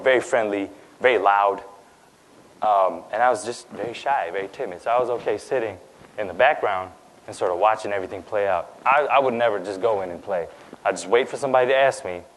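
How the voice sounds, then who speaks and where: A man's voice: medium pitch, slight background noise, rough recording. A young man from India who grew up in Dubai, giving a personal talk on stage in a conversational way, with frequent fillers and "right?" asides. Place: lecture stage.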